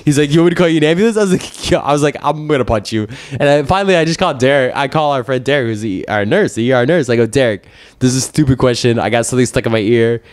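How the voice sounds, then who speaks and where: A man's voice: mid-range voice, quick pace, dry recording. A man co-hosting a casual podcast, telling stories and acting out both sides of conversations. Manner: animated storyteller, acts out both sides of conversations. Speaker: podcast co-host. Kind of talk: casual storytelling chat.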